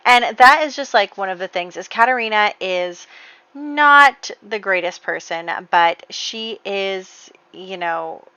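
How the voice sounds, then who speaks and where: A woman's voice: medium pitch, lively intonation, slow pace, pushed and bright, clear, resonant tone, no room sound, muffled recording. A woman casually retelling the drama of her life-simulation game, chatty and full of fillers, laughing at her own story. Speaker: gameplay narrator. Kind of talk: casual storytelling over gameplay.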